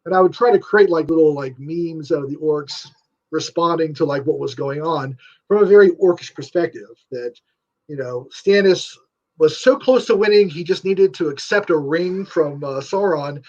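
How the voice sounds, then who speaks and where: Animated high-voiced man, rambling excitedly. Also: moderate pace, muffled recording. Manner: animated and rambling, full of fillers, swings pitch for emphasis. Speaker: guest writer. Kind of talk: enthusiastic casual interview chat.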